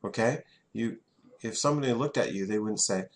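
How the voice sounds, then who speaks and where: A man's voice: mid-range voice, a little fast. A man, teaching a French class in a classroom and having students repeat words back.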